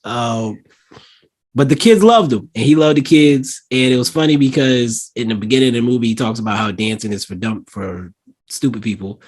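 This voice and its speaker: A man's voice: mid-range voice, normal speed, slightly rough. A man co-hosting a podcast, chatting casually and acting out movie moments as he retells them. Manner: animated storytelling, acts out lines in quotes. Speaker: podcast co-host. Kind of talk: casual chat.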